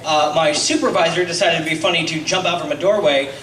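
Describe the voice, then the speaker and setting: On a comedy club stage, a twenty-something man with a voice on the high side talks fast through a hesitant, self-deprecating set full of ums. The audio is roomy and distant-miked, with a little hiss or hum and the crowd laughing loudly.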